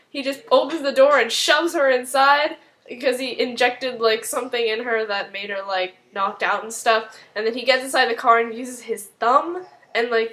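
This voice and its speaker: A woman's voice: high voice, fairly bright tone, low-quality recording. A young woman casually retelling a TV episode, rambling and full of fillers. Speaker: video recap host.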